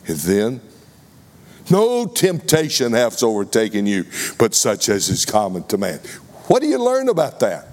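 A man preaching a sermon to a congregation in a slow, deliberate, emphatic way. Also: on the low side, mellow. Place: congregation room.

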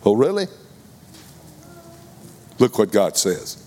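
A man preaching a sermon to a congregation in a slow, deliberate, emphatic way. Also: on the low side, big pitch swings, mellow. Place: congregation room.

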